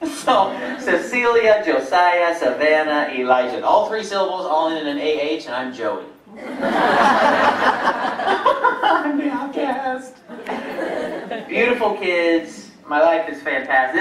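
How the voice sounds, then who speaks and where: A man in his forties, a nurse, jokes and pokes fun at himself through a conference talk. His voice sits high. The mic picks him up from far off in a roomy, echoey hall with faint noise. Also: fairly bright tone. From Georgia, USA. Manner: joking, self-deprecating, laughs often. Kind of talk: humorous keynote talk. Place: large conference hall at a resort.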